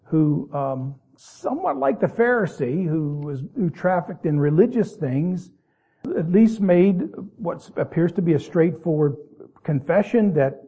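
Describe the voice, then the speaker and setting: A man's voice: on the high side, lively intonation, warm tone, breathy edge. Preacher man on a tinny line. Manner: reads King James verses, then explains them in plain folksy asides; stretches words out slowly for emphasis. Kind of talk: sermon.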